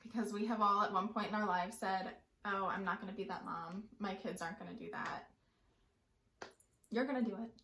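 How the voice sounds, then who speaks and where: A young woman in casual chat, telling stories in an animated way. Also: mid-range voice, a little fast, echoey room, a little hiss or hum. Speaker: co-host.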